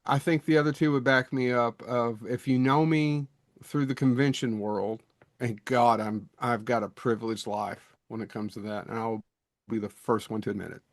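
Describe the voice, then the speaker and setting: A man's voice: mid-range voice, steady tone, normal speed, no room sound, studio quality. A middle-aged man co-hosting a podcast, talking in a rambling, self-deprecating way that often restarts mid-thought. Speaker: podcast co-host. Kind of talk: casual chat.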